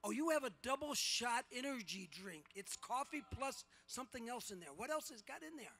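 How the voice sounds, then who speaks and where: A celebrity guest in his sixties banters with fans at a convention panel, his bright, high voice loud, teasing, and lively as it carries through a large hall at normal speed. He jokes constantly, often bursting into shouts and laughter, picked up by a handheld mic.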